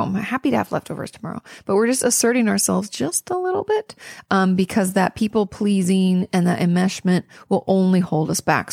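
A woman's voice: medium pitch, creaky, no room sound, studio quality. A woman therapist answering listener questions in a casual, earnest, encouraging way, with frequent ums and restarts. She sounds tired. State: tired and yawning. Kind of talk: casual advice monologue.

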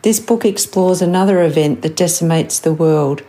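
A woman reviews her year's favourite books with earnest, gushing warmth. Her voice sits a little low, and her delivery is heartfelt. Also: normal speed. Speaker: book reviewer. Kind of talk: book review monologue.

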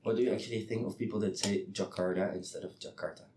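A man from the Netherlands with a lowish voice chats in English in a loose, rambling way, stopping and restarting his sentences and laughing often. His voice carries a noticeably echoey, roomy sound. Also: fairly even intonation, fast talker, dark tone. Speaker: student. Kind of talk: casual chat.

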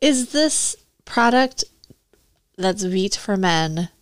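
A woman co-hosting a casual chat, speaking slowly and unhurriedly. She reacts with shocked exclamations, and her voice sounds dry and close, with no room around it. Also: medium pitch, lively intonation, dry recording. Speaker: co-host.

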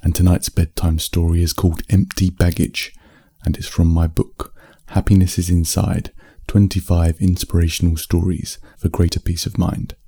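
A man from the UK, an author reading his own bedtime story in a slow, steady way. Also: low-pitched, vocal fry, husky, no echo, studio quality.

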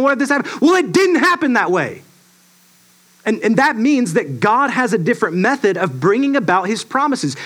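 A man preaching a sermon to a congregation, emphatic and lively, asking the audience rhetorical questions. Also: very high voice. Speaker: pastor.

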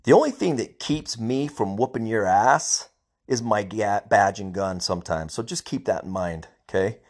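A man's voice: on the low side, lively intonation, moderate pace, darkish tone. A middle-aged man, a police officer, ranting angrily on his own podcast, emphatic and repeating himself. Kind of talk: personal podcast rant.

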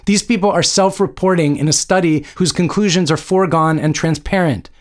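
A man's voice: a little high, brisk, voice pushed up, lightly acted. A man reading an audiobook, voicing a combative young woman scientist in a cutting, indignant manner.

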